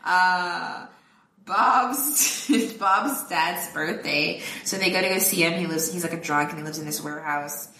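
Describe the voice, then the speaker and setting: Woman podcast host, casual film chat, bright voice, echoey room, a bit off-mic. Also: lowish voice, a little slow, far from the mic, slight background noise. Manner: chatty, laughs often, quotes characters in voices.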